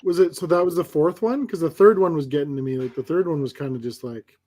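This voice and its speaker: A man's voice: a little high, fast, dark tone. A man in a casual stream chat, teasing and joking with friends.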